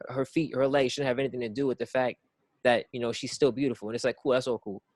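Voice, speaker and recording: A man's voice: medium pitch, level tone, fast talker, darkish tone, no room sound. Man, podcast co-host, casual rambling talk, repeats words, dry close sound. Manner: rambling, circling back with "it's like"; repeats words while thinking.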